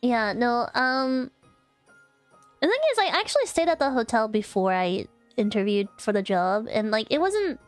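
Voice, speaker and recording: A young woman chats to her stream with a somewhat high voice, rambling and restarting her sentences as she tells a story. The sound is dry and close, with faint music underneath. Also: big pitch swings, moderate pace, no room sound. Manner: rambling, with many fillers and restarts. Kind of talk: casual storytelling chat.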